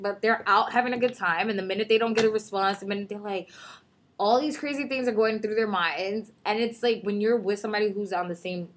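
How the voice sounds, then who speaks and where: A woman in her thirties talking casually with friends, spinning anecdotes in loose slang. Her pitch sits mid-range for a woman. She slips into quoted voices as she tells a story. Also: brisk. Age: 30s. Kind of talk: casual chat.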